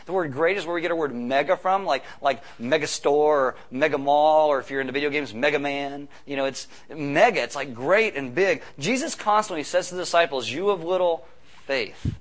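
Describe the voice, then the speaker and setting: A man preaching a sermon as pastor, conversational, with quick asides and rhetorical questions. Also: on the high side.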